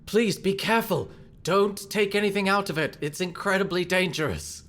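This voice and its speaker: A man voicing an anxious, excitable male companion in a tabletop game who pleads and warns in alarm. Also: high-pitched, normal speed, pitched above the performer's own voice.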